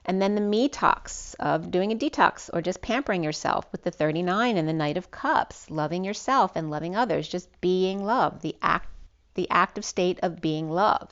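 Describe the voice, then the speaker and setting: The channel's host, a tarot reader with a voice on the low side, gives a spiritual reading marked by rambling, repeated restarts, and plenty of ums. Her recording is muffled.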